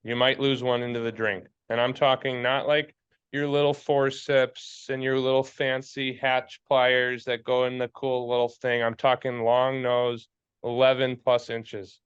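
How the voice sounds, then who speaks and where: A man's voice: mid-range voice, little pitch movement, unhurried, smooth, lo-fi sound. Fired-up, swearing fly-fishing podcast man. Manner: blunt and fired up, swears freely, preachy. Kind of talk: casual chat.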